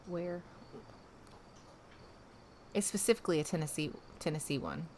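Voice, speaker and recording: A woman from the American South with no regional accent hosts a casual livestream and answers viewers' questions. Her voice sits low, and she talks chattily, trailing off into fillers and restarts. Faint crickets chirp in the background. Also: measured pace, a bit bright, a little hiss or hum. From Southern United States. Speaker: livestream host.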